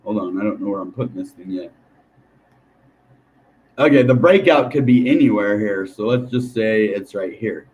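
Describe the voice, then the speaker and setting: A young man talking casually to viewers about crypto charts, rambling and animated, often calling them guys and dude. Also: on the low side, moderate pace, pauses often. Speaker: crypto YouTuber. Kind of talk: casual chart commentary to camera.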